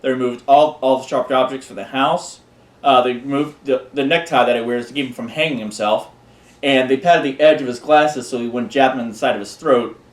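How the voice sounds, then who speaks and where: A man's voice: medium pitch, fairly quick. A man casually presenting a countdown of favorite videos, rambling and often restarting his words. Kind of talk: casual unscripted commentary. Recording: echoey room.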